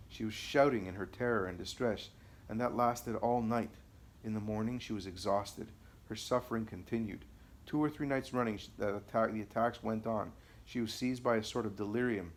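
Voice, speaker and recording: A man narrating a first-person account as an audiobook, measured and deliberate. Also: lowish voice.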